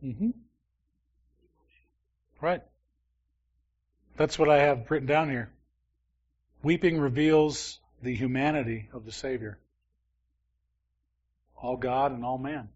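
A man's voice: mid-range voice, takes it slowly, long pauses, darkish tone, husky, lo-fi sound. Conversational man teaching a Bible class. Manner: conversational, asks the class questions.

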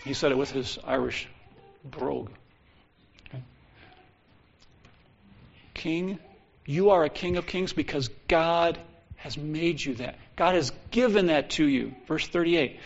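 A man preaching a Bible teaching sermon, reading old scripture slowly and solemnly, then explaining it in casual asides. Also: fairly high pitch, vocal fry. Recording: dull lo-fi recording.

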